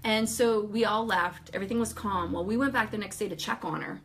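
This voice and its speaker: Animated woman telling a testimony. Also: medium pitch, brisk. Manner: animated, laughing often, acting out quotes. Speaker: ministry speaker telling a story. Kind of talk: casual storytelling testimony.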